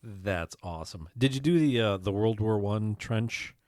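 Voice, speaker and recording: A man co-hosting a podcast, chatting casually and stumbling through excited restarts as he tells a story. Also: lowish voice, unhurried, no room sound, clean studio sound. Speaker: podcast co-host. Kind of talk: casual chat.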